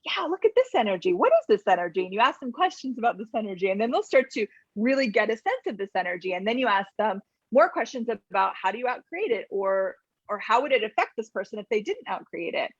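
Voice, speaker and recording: A woman's voice: medium pitch, very animated, quick pace, husky, no room sound. A middle-aged woman speaking as a guest in casual conversation, chatty and full of "like," often acting out what people say. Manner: chatty, many "like"s, acts out quotes. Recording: slightly dull video call audio.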